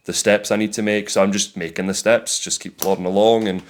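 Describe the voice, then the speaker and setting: A young man with a Scottish accent tells stories from his working week straight to camera in a loose, chatty vlog style. His voice sits on the low side. He swears casually and gets animated when he replays an argument. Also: a little fast. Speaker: vlogger, landscaping business owner.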